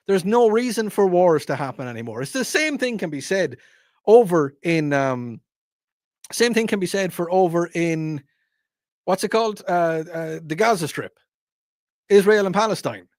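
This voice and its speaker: A man's voice: high-pitched, lively intonation, moderate pace, a little mellow, no room sound, studio quality. A man hosting, delivering a rambling, wry, opinionated monologue full of asides. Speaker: host. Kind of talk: opinionated radio-style monologue.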